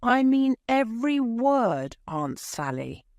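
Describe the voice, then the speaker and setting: A woman voicing an excited, bold young boy in a storybook reading. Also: on the high side, slow, dry recording, studio quality, pitched above the performer's own voice, exaggerated voice.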